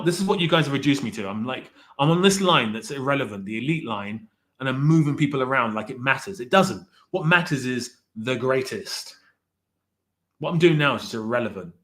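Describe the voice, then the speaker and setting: A man talks loosely to a live chat. He rambles, stops to correct himself and jokingly complains that his viewers have left him to decide. His pitch sits in the ordinary middle range. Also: a bit bright. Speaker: streamer ranking directors with live chat. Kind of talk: casual livestream chat.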